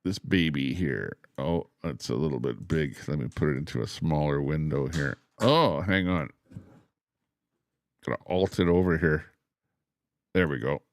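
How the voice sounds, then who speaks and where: A man's voice: rumbling low, measured pace, no echo. A man hosting a casual livestream, rambling with lots of "uh" fillers and greeting chatters by name. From Canada. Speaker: livestream host.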